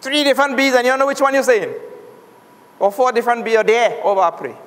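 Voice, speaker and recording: A man's voice: extremely high pitch, a little fast, a bit bright. A man from Trinidad and Tobago teaching a Sanskrit class, drilling sounds aloud for the students to repeat. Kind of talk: classroom lesson. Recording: long hall reverb.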